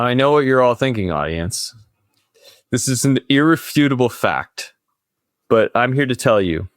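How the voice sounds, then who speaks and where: Playful young man with lively pitch. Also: dry recording, studio quality. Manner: playful, mock-expert bravado. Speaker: podcast co-host. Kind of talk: casual debate chat.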